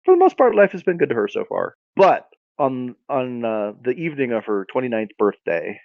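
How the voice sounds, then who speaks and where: A man's voice: medium pitch, sing-song, brisk, gravelly, no room sound, narrow, tinny audio. Rambling man telling a silly story. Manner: rambling, lots of fillers and restarts. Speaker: podcast co-host. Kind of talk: casual comedic storytelling.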